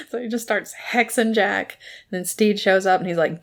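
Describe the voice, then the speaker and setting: Giggly woman recapping with quick asides. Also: mid-range voice, lively intonation. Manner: laughs often, acts out characters' lines in quick asides. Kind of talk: casual TV episode recap.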